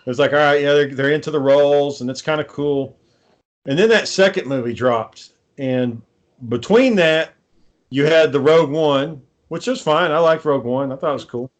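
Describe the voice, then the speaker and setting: Profane ranting man, slightly high voice. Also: normal speed. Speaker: podcast co-host. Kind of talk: casual chat.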